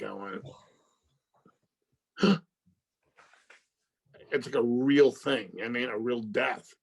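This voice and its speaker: A middle-aged actor in an interview tells an animated story, acting out phone calls complete with swearing and loud outbursts. His mid-range voice is slow with vocal fry, and he pauses often.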